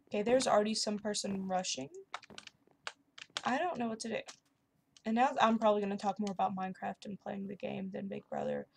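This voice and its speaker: A young woman chatting casually and excitedly while playing a video game. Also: medium pitch, moderate pace, gravelly, long pauses, a little hiss or hum. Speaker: gaming YouTuber. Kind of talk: casual commentary over gameplay.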